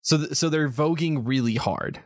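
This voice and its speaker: A man narrating a tabletop game as game master, halting and laughing often. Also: on the high side, dry recording, clean studio sound.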